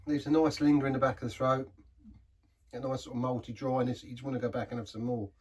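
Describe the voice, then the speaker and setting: A man talks through a beer in a casual review. His voice is husky and sits back from the mic, a bit distant in the recording. He rambles, trails off and restarts mid-sentence. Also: mid-range voice, little pitch movement, quick pace, a little mellow.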